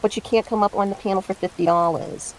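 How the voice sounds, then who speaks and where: A woman's voice: medium pitch, steady tone, quick pace, slight background noise. Heated, foul-mouthed woman streamer. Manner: heated, profane, indignant ranting. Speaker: drama commentary streamer. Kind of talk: casual livestream commentary.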